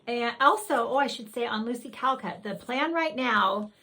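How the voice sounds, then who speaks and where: Woman host, a bit high-pitched, casual show-and-tell chat, effusive and rambling. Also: expressive, moderate pace, bright, forceful tone. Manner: gushing, rambling, with frequent self-corrections. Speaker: needlework video host.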